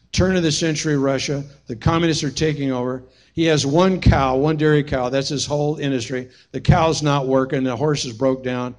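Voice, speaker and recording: A man preaching a sermon as pastor, telling stories with humorous asides. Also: on the high side. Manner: storytelling, humorous, animated asides.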